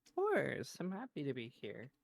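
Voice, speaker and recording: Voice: medium pitch, huge pitch swings, moderate pace, gravelly, a little hiss or hum. A guest on a stream, giving friendly, easygoing replies in casual chat.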